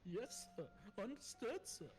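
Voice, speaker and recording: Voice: mid-range voice, very animated, unhurried, darkish tone. Someone doing an eager chirpy police constable. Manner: chirpy, deferential. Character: eager, tactless young male police constable.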